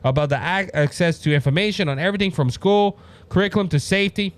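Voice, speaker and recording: A man with a Louisiana accent hosting a political commentary podcast, emphatic and halting, full of restarts. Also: sits high. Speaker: podcast host.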